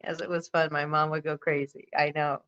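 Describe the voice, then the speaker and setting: Female co-host in her 40s, bright smooth tone, chatty and easygoing, dull lo-fi livestream audio. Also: deep voice, level tone, a little fast. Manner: chatty and easygoing, laughs often. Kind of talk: casual livestream chat.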